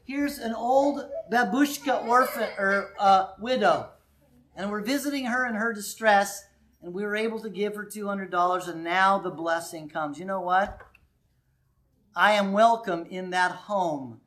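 A man's voice: sits high, unhurried. Preacher talking with his church. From United States. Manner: conversational and animated, with sudden quiet asides. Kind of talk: sermon.

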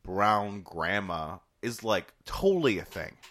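Casting: male podcast co-host, very lively pitch, bright tone, teasing and playful. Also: takes it slowly. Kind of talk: casual chat.

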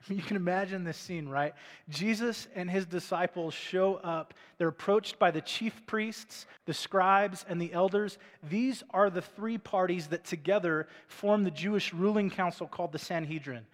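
High-voiced male pastor preaching in a hall. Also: unhurried. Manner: conversational preaching with rhetorical questions. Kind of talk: sermon. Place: church stage before a congregation.

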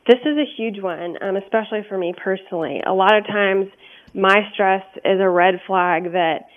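A woman with a medium-pitched voice speaks at normal speed as a guest in a radio interview. She's earnest and candid and says "um" frequently, and the audio sounds narrow, like a phone line.

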